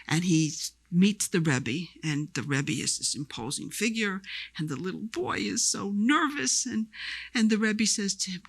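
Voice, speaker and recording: Woman, music lecturer, live talk, lively storytelling, sung examples, mid-pitched. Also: measured pace, no room sound. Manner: lively storyteller, breaks into chant. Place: lecture hall before a live audience.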